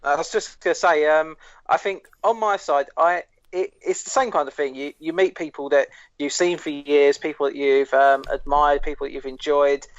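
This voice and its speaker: A man's voice: a little high, steady tone, moderate pace, no echo. A man co-hosting a podcast, talking bluntly and frankly and swearing. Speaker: podcast co-host. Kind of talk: casual podcast chat. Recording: dry, dull lo-fi sound.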